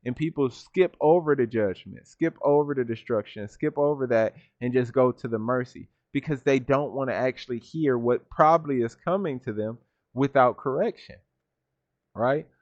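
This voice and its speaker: A man's voice: medium pitch, moderate pace, a little mellow, dry recording, highs cut off. Man teaching scripture, asking "right?". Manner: reads verses then defines words, repeats "right?". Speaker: Bible teacher. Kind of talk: scripture study talk.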